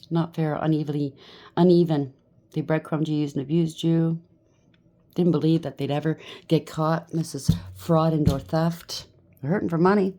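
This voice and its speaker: A woman's voice: low voice, dark tone. A woman reading tarot cards in a blunt, scolding manner. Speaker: tarot reader.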